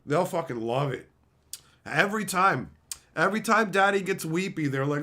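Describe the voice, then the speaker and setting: A man chatting casually with viewers on a live stream, profane, animated and openly emotional. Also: fairly high pitch, moderate pace.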